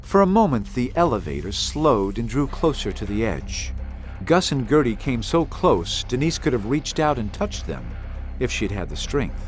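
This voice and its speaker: Expressive male storybook narrator. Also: medium pitch, moderate pace, over music. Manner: expressive, dramatic. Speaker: audiobook narrator.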